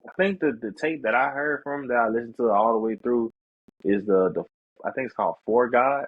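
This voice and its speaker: A man co-hosting a podcast, chatting casually about music and now and then jumping into a high voice to imitate rappers. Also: brisk, slightly rough, dry recording, phone-quality sound. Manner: animated, mimics rappers in a high voice. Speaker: podcast co-host. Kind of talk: casual chat.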